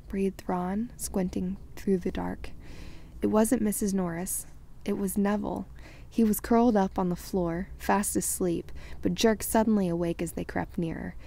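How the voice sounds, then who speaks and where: Low gravelly woman reading a storybook. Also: moderate pace, slight background noise. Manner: expressive reading, lively character voices. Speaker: audiobook reader. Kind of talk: reading a novel aloud.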